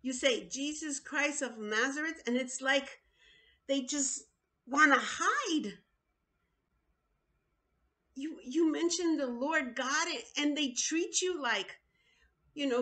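High bright woman preaching, urgent, pleads and repeats herself. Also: animated, slow, pauses often. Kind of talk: video sermon.

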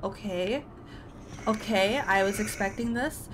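A woman's voice: mid-range voice, a little slow, fairly bright tone, slight background noise. A woman giving casual let's-play commentary, talking to herself and letting out frightened yelps.

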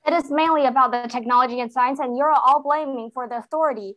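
A woman's voice: high-pitched, fast talker, fairly bright tone, rough recording. A young woman, a student debater, questioning her opponents hesitantly with many fillers on a video call. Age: teenager or young adult. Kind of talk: live debate cross-examination. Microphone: computer mic on a video call.

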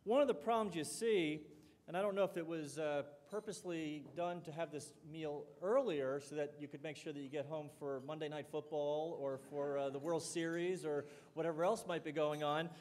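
A man's voice: a little high, fairly even intonation, moderate pace, a little mellow. A middle-aged man giving a conversational talk to an audience, telling stories and acting out the dialogue in them. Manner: conversational, storytelling, acts out quoted dialogue. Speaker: college president giving a talk. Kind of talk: public speech with anecdotes. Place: lecture hall or dining hall. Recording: long hall reverb.

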